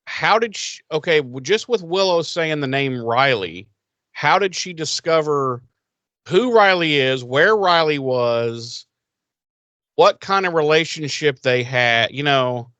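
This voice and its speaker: A man co-hosting a podcast, chatting about a TV episode in an animated, jokey way. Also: a little high, dry recording, muffled recording. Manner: animated, jokey, quick asides. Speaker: podcast co-host. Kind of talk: casual recap chat.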